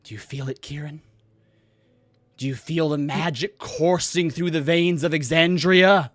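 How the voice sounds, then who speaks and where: A man's voice: unhurried, no room sound, natural voice. A man voicing a flamboyant showman wizard who makes grandiose announcements to a crowd. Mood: coaxing. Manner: booming, grandiose announcer delivery.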